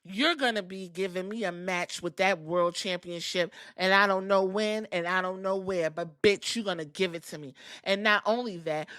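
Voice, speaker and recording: A woman doing a comic impression of a boastful female wrestler who taunts her rival in a slow, mocking way. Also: medium pitch, a bit bright, dry recording, clean studio sound, natural voice. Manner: slow, mocking, drawn-out delivery.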